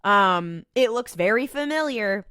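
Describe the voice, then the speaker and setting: A woman's voice: mid-range voice, animated, measured pace, pushed and bright, clear, resonant tone, no echo, studio quality. A young woman co-hosting a casual rewatch podcast, recapping scenes with playful voiced quotes. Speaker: podcast co-host.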